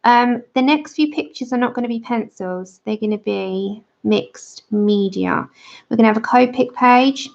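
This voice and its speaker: As she colours on her channel's livestream, a woman chats casually and welcomes viewers by name. She speaks a little high and unhurriedly, with a gravelly, slightly mellow voice, heard through dull lo-fi stream audio.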